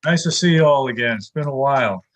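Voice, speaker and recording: A man from New York doing pun-based stand-up over a video call, delivering deadpan one-liners. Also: medium pitch, fast talker, noisy background. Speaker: stand-up comic.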